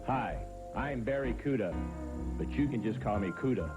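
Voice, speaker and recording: Boastful wrestler with a mid-range voice. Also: male voice, mid-range voice, animated, moderate pace, over music. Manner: boastful, self-promoting. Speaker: pro wrestler. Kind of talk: wrestling promo.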